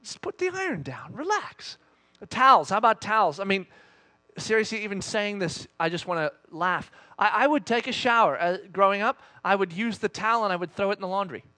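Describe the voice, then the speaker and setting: A man in his thirties giving a conversational sermon as a pastor, an animated storyteller who acts out the voices of his family. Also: sits high, brisk, dry recording.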